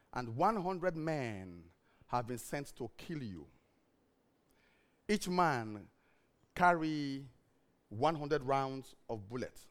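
Preaching with forceful recurring refrains, this male pastor alternates between shouting some lines and dropping others to a quiet, low murmur.

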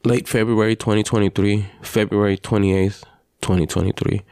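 A father hosting a podcast, telling his story in an earnest, halting personal monologue with frequent restarts. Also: on the low side, level tone, darkish tone, smooth, no echo, studio quality. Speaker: podcast host.

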